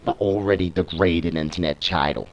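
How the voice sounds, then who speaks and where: A smug male wrestler sneers at his rival and boasts about himself, as a British man reads him out. The voice is low and taunting. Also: steady tone, normal speed, muffled recording, a little hiss or hum. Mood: sneering.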